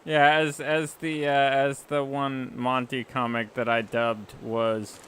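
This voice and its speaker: A man's voice: mid-range voice, flat delivery, unhurried, a bit bright, a little hiss or hum. A man chatting casually while streaming a game, rambling and self-deprecating, with frequent chuckles. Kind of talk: casual gaming chat.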